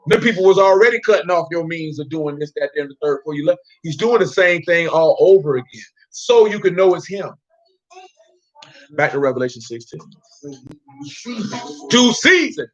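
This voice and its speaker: A man preaches in a loose, slangy street-talk way, his voice sitting a little high for a man. He calls on people in the room by name and quizzes them. The recording sounds muffled and lo-fi. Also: lively intonation, normal speed. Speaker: Bible teacher. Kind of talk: informal Bible study sermon.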